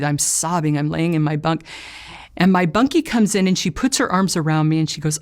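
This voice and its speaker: A middle-aged woman recounts her own story in an earnest, emotional way. Her voice sits a little low for a woman. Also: normal speed, creaky. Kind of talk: personal testimony.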